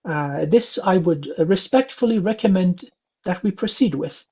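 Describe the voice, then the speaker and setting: A man from England giving a calm spiritual reading, speaking gently with many filler sounds. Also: sits high, unhurried, breathy edge. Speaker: spiritual reader. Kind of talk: psychic reading session. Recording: dull lo-fi sound.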